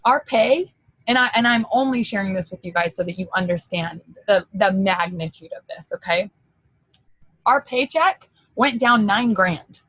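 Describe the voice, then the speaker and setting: Woman, husky voice, team leader, motivational pep talk, emotional and excitable, casual, dry close sound. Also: mid-range voice, normal speed, dry recording, poor audio. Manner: casual, chatty, mild swearing.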